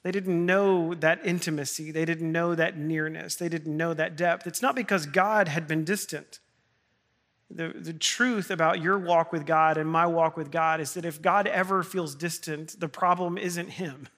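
A man preaches a sermon from the pulpit with a bright, forceful voice that sits a little high for a man. His delivery is earnest and heartfelt, and it builds to impassioned appeals to his congregation. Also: steady tone, normal speed. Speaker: pastor.

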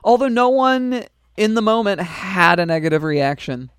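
Guy cohosting a podcast, kinda high voice, dry room, wry jokey asides. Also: steady tone, moderate pace, fairly bright tone, clear, resonant tone, dry recording. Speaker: podcast co-host. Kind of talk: casual chat recapping a TV episode.

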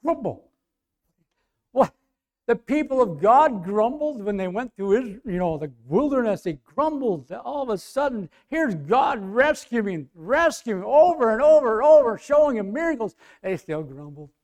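A man preaching a sermon in a conversational way, asking the congregation questions and swinging from quiet asides to loud emphasis. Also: extremely high pitch, big pitch swings, normal speed.

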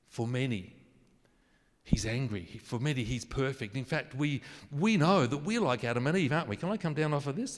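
A man's voice: mid-range voice, long reverb tail. A man preaching a sermon in a conversational way, asking his listeners questions. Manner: conversational, asks the congregation questions, jokes about his wording.

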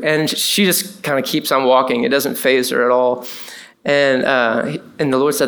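Man, pastor, conversational sermon, animated asides. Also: fairly high pitch, moderate pace.

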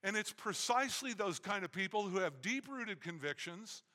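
Emphatic preacher in an echoey hall. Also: male voice, high-pitched, expressive, bright, forceful tone. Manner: emphatic preaching with dramatic pauses. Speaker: pastor. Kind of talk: sermon.

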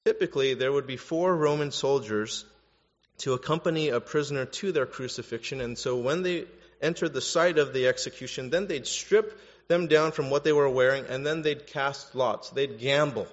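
A man preaching a sermon as a pastor, growing animated and louder to stress his points. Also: moderate pace. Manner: animated, rises in pitch and volume for emphasis. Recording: dull lo-fi sound with long hall reverb.

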